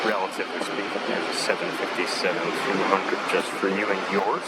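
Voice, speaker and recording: A man's voice: deep voice, steady tone, a little fast. A man plane spotting by a runway, giving casual joking commentary with sarcastic asides. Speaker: plane spotter filming departures. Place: outdoors beside an airport runway. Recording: loud jet engine noise outdoors.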